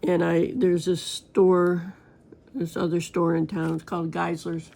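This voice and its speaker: A woman's voice: on the low side, flat delivery, unhurried, creaky, dark tone. A woman crafting vlogger chatting casually and rambling to her viewers while she works on a diamond painting.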